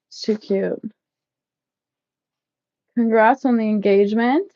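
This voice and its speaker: A woman in her thirties chatting casually with live viewers while packing up, loud and laughing, swearing freely. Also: medium pitch, steady tone, a little slow, long pauses, dry recording, dull audio. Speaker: livestream vlogger. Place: shed, packing up.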